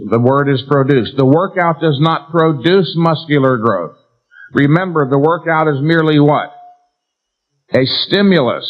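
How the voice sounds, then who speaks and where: Emphatic man lecturing on a lo-fi tape. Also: on the high side. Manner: emphatic, asks and answers rhetorical questions, stresses key words. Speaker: seminar lecturer. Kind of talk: live lecture to an audience. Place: seminar room before an audience. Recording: dull lo-fi 1990s seminar tape.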